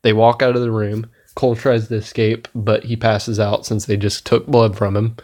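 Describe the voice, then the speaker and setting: At a moderate pace, a man with a low, level, darkish voice gives a casual spoken movie review. He rambles and swears enthusiastically while retelling scenes, laughing at his own retelling.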